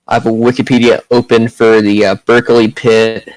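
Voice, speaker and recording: A man's voice: medium pitch, flat delivery, a little fast, dry recording, low-quality recording. Laid-back joking man on a podcast. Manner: stammering, jokey and laid-back. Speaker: podcast co-host. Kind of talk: casual podcast chat.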